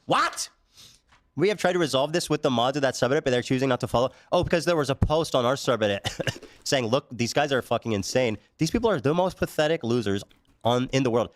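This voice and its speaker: A man's voice: medium pitch, lively intonation, brisk, no room sound. A man hosting a podcast, reading posts aloud with mocking sarcasm and plenty of swearing. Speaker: podcast host. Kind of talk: casual podcast banter.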